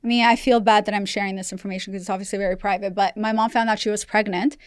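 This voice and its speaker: A woman's voice: mid-range voice, steady tone, very fast, clean tone, no echo, clean studio sound. A woman in her thirties from Russia, a podcast guest telling candid personal stories in casual chat and laughing often. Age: 30s.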